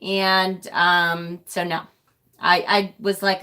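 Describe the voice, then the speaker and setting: A woman's voice: medium pitch, fairly even intonation, unhurried, bright, forceful tone. A middle-aged woman hosting a casual livestream, talking bluntly, swearing freely and laughing often. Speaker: livestream host.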